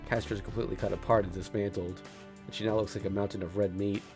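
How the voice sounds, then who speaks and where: A low-voiced man narrates a visual novel on stream, reading steadily and tripping over a word now and then. Soft music plays faintly behind him. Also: quick pace. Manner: steady narration with small stumbles and laughs.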